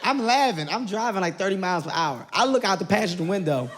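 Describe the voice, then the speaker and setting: A man telling a stand-up comedy story, animated and loud, often laughing as he talks, recorded at a live show. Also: sits high, fast. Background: loud audience laughter and noise.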